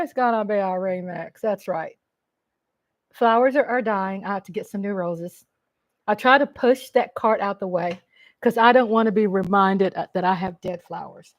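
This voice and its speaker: A woman's voice: medium pitch, no room sound. A middle-aged woman from Texas with a Texan accent, chatting casually with viewers on a live stream at home and greeting them by name.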